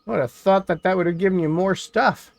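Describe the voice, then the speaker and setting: A man's voice: high-pitched, a little fast, gravelly, no echo. A man from New York State chatting casually on a live game stream, rambling and thinking aloud as he plays. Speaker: gaming streamer. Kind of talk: casual live-stream chat while playing.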